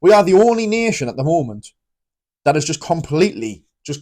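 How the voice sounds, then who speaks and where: A man's voice: fairly high pitch, sing-song, brisk, dark tone. British man, vlogger ranting straight to camera; loose, blunt and rambling, with lots of restarts. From Britain. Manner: blunt, swears freely. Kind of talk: casual opinion monologue.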